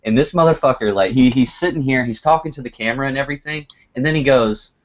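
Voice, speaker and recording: Brief: man, mid pitch, animated storyteller who swears freely, slightly dull lo-fi audio. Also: fast talker. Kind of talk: casual chat.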